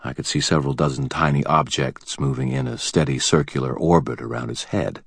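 A man with a very deep voice narrates a first-person fantasy audiobook. His delivery is wry and vivid, with tense pacing, and the close studio sound is completely dry. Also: a little fast, creaky, slightly rough, no room sound.

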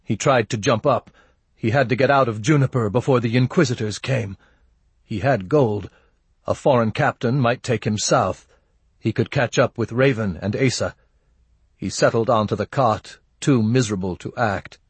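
A man narrating a story in a measured, steady way. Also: mid-range voice, breathy edge, dry recording. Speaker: audiobook narrator. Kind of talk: scripted narration.

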